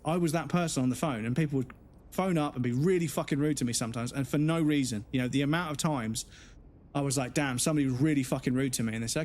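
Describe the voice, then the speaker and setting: A man's voice: medium pitch, fast, darkish tone, slight background noise. A man streaming a game, a father, ranting bluntly and swearing in casual talk. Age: adult with children. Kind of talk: casual live-stream rant.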